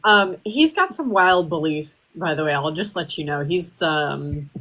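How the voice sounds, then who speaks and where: A woman's voice: deep voice, lively intonation, unhurried, noisy background. Woman rambling through a debate. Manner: rambling with many fillers. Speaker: livestream host. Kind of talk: casual political debate.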